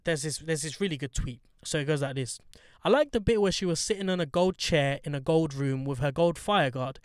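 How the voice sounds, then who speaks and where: A man's voice: a little high, brisk, no room sound, clean studio sound. A man hosting a podcast, chatting in a blunt, joking, sweary way with lots of slang. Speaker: podcast host. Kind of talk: casual chat.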